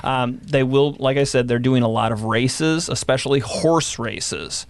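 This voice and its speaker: A man's voice: mid-range voice, fairly even intonation, measured pace, smooth, dry recording. A man talking casually on a podcast, explaining history and reading from old newspaper accounts. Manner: explanatory, reads from old newspapers, some fillers. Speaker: guest historian. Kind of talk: podcast conversation.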